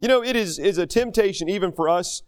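A man's voice: high voice, fast talker, clear, resonant tone. A man preaching a sermon from the United States, earnest and conversational, acting out quoted voices as he teaches. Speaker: pastor.

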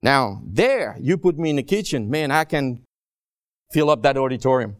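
A man preaching a sermon as a guest preacher, stretching key phrases out slowly and swinging from soft asides to raised, pleading lines. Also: mid-range voice, lively intonation, dry recording, studio quality. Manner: slow, drawn-out emphasis on key phrases.

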